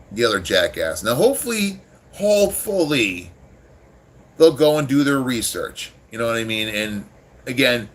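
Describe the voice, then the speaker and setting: A man's voice: on the low side, fairly bright tone. Rambling, profane man streaming live. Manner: rambling, profane, irritated with chat. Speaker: livestream host. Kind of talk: casual livestream chat.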